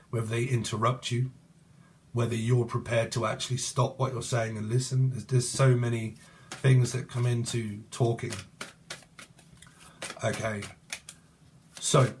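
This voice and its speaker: Guy in his 40s doing a tarot reading, swears a lot, drawls slowly, bit of faint hiss behind. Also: medium pitch, darkish tone. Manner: crude, swearing, jokey and digressive. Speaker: tarot reader. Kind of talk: rambling tarot reading monologue.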